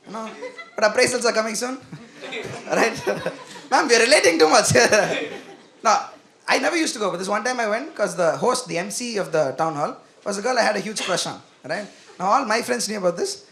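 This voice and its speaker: A young man performing a stand-up comedy set, animated and self-mocking as he talks to the crowd. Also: high voice, a little fast, gravelly. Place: comedy venue with live audience.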